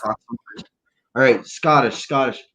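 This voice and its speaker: A man's voice: mid-range voice, takes it slowly, sharp tone. A young man chatting on a podcast with slangy, swearing, jokey banter. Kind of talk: casual podcast chat.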